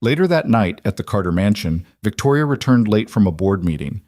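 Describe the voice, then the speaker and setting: Steady male storyteller, low-pitched, dry close recording. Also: a little fast, no room sound. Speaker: narrator. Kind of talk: scripted story narration.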